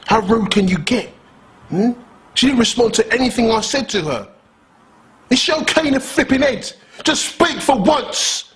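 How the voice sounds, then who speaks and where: A man's voice: extremely high pitch, expressive, normal speed. A man playing a touchy contestant obsessed with his trophy, badgering and repeating himself. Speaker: contestant in a mock dinner-party show. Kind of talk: improvised mockumentary acting. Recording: echoey room with loud music.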